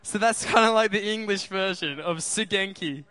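A man's voice: high voice, normal speed, bright, forceful tone, no room sound. A man preaching a sermon in an upbeat way, often asking the crowd questions.

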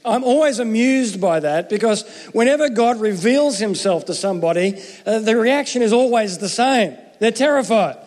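A man's voice: sits high, expressive, normal speed, few pauses, a little mellow, in a large hall. A man giving a Christmas sermon as pastor, chatty and joking, often restarting his sentences. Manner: conversational, jokey, self-interrupting.

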